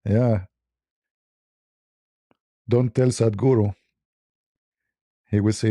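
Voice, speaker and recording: Gravelly dark-voiced man chuckling through a story. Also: fairly low pitch, a little slow, pauses often, no room sound. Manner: chuckling, broken English, many restarts. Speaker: host. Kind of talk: casual storytelling on a live stream.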